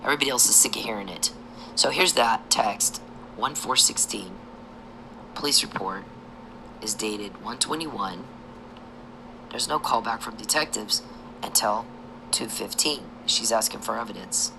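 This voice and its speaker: A woman delivering an angry, profane monologue, accusing and insulting someone, sometimes sinking into a hushed whisper. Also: rumbling low, unhurried, creaky, pauses often, background noise. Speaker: vlogger.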